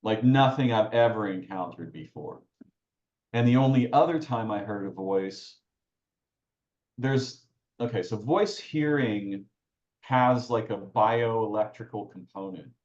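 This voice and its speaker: A man with a low voice speaks as a podcast guest, working through his ideas aloud and breaking off to restart phrases. The sound is roomy and somewhat dull, with a lo-fi edge. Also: unhurried, darkish tone. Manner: searching, self-interrupting, restarts phrases. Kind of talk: reflective conversational talk.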